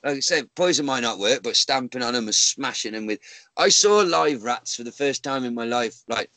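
A man on a podcast, reading odd news stories aloud in a lively, swooping voice full of swearing and laughter. His tone is bright and forward. The sound is dry and close to the mic. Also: medium pitch, moderate pace, dry recording, rough recording. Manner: sweary, laughs often, mocks the story as he reads. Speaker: podcast co-host.

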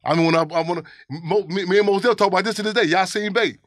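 A man's voice: sits high, rapid-fire, no echo, clean studio sound. A man from Chicago, a guest in a casual interview, telling stories in a rambling, profane way and often repeating his words.

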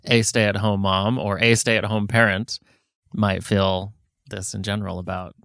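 A man's voice: on the low side, level tone, unhurried, vocal fry, a bit bright, no echo, studio quality. A man chatting casually on a podcast, thoughtful and hesitant, often restarting his sentences. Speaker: podcast co-host. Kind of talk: casual chat.

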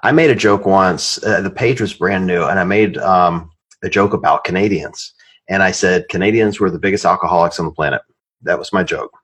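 A man's voice: sits low, brisk, fairly bright tone, husky. A man hosting a podcast, chatting casually, joking and swearing freely. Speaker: podcast host.

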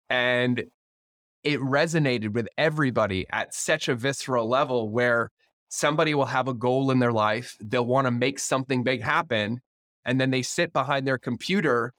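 A man hosting a podcast interview in casual chat, energetic and swearing freely, acting out the dialogue he quotes. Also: medium pitch, fairly quick, no room sound, studio quality. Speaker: podcast host.

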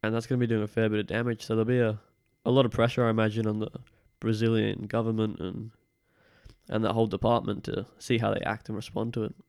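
Gravelly young man, half British half Australian accent. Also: fairly low pitch, fast talker, no echo, studio quality. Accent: mix of British and Australian. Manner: relaxed, rambling, many fillers. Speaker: podcast guest. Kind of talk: casual chat.

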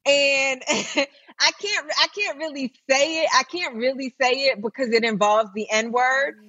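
Animated woman on a dull, lo-fi line. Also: high-pitched, measured pace. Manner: animated, full of likes and restarts. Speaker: comedian guest. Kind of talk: casual interview chat.

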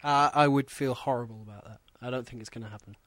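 A man appearing as a regular guest on a sports podcast, measured and a bit hesitant, with fillers. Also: medium pitch, a bit bright, no echo, studio quality. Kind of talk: casual sports podcast banter.

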